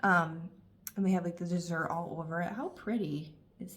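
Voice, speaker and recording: A woman in her thirties talking casually and warmly about candles, gushing and chatty with lots of fillers. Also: lowish voice, lively intonation, moderate pace, slight background noise. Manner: gushing, emotional, talkative with frequent fillers. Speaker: candle reviewer. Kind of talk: casual review vlog.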